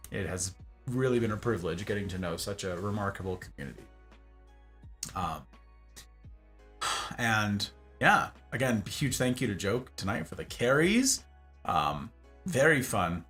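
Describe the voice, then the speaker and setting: A hoarse male streamer rambles through a casual end-of-stream chat, his voice rising and falling over a wide, lively range as he plays with words. Faint music runs behind him. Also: on the low side. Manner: rambling, playful wordplay, grateful. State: hoarse from talking.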